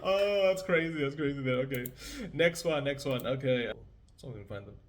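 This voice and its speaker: A man hosting a casual meme review, joking and laughing often as he reacts. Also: mid-range voice. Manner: laughs often, jokey, acts out quick silly voices. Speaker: host.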